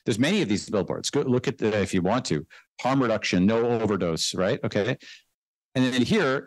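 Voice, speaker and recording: A man's voice: lowish voice, animated, dry recording. A man guest in a conversational interview, talking in an emphatic way and often tagging his points with "right?" and "okay.". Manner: fast, emphatic, tags remarks with "right?" and "okay". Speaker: guest investor.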